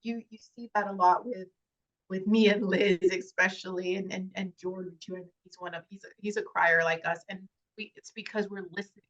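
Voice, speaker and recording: A woman, an actress, talking in an interview in a heartfelt, halting way with many fillers and restarts. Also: mid-range voice, steady tone, fairly bright tone, dull audio. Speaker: actress guest. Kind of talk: casual interview chat.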